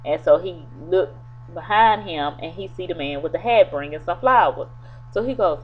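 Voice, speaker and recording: Woman reviewer, low voice, chatty rambling recap, tinny phone-like audio. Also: normal speed. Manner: rambling, loose retelling with many fillers. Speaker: TV episode reviewer. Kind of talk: casual spoken episode recap. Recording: tinny phone-like sound with faint hum.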